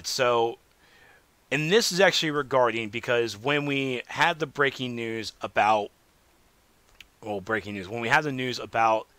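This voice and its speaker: A man hosting a casual solo gaming podcast, rambling and animated, swinging between loud remarks and muttered asides. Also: mid-range voice, smooth, no room sound. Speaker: podcast host.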